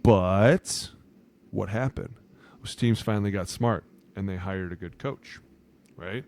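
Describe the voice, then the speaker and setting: A man co-hosting a sports podcast in casual talk. He is loud and profane and often acts out what other people say. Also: lowish voice, takes it slowly. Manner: loud, profane, acts out quotes in put-on voices. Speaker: podcast co-host.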